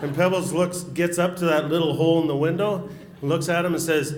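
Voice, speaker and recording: A man's voice: high voice, normal speed. A middle-aged man with an Upper Midwest American accent, a former hockey announcer telling funny stories at a banquet. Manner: joking anecdotal storyteller. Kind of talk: storytelling speech at a banquet. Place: banquet hall at a social event. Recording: echoey hall, faint room noise.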